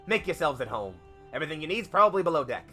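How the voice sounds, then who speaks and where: A man voicing a gruff ship captain who talks in a hearty, pirate-like way. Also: on the high side, very animated, racing, soft background music, voice pushed up. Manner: loud, hearty, pirate-style speech.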